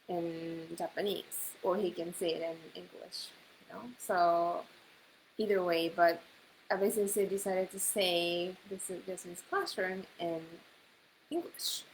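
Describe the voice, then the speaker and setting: A woman teaching a Japanese class in English, explaining phrases and repeating them slowly. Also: fairly low pitch, steady tone, poor audio. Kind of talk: online language class. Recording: faint hiss.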